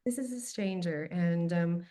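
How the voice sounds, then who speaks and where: A woman in a podcast conversation, telling a personal story with lively expression and candor. Her voice sits somewhat low, and she talks casually, dropping the occasional curse word. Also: measured pace. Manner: animated, expressive anecdote-telling with casual swearing; candid, openly emotional. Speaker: podcast guest.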